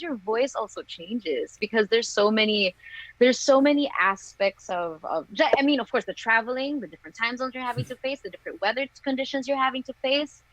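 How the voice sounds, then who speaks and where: A woman's voice: a little high, fairly bright tone, dry recording. Woman singer on a dull, dry call. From Philippines. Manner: candid, laughs often between thoughts. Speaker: singer, interview guest. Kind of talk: casual interview chat.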